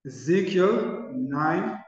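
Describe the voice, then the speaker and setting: A man preaching a sermon, repeating key phrases and swinging between loud emphasis and soft, drawn-out lines. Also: on the high side, expressive, distant mic. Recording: echoey hall, dull lo-fi sound.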